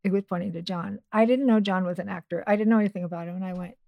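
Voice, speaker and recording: A woman's voice: medium pitch, racing, creaky, no echo, muffled recording. A middle-aged woman, a podcast guest, telling a personal story in a chatty way with many asides and restarts. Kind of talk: casual storytelling.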